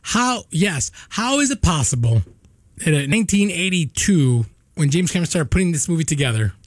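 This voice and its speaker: Husky, lively man reacting in casual chat. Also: on the high side, no echo, clean studio sound. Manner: reactive, quick interjections and questions. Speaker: podcast co-host.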